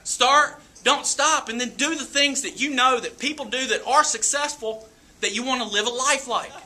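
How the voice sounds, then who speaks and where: A man giving a motivational talk to a live audience, telling a story in an animated way with frequent laughs. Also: very high voice, normal speed. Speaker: motivational speaker. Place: event room with an audience.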